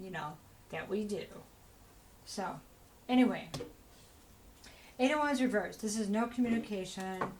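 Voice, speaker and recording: A woman's voice: medium pitch, slight background noise, low-quality recording. Chatty woman giving a tarot reading. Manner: chatty, rambling, full of "you know" asides; encouraging, talks straight to the listener. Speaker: tarot reader. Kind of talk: casual spoken tarot reading.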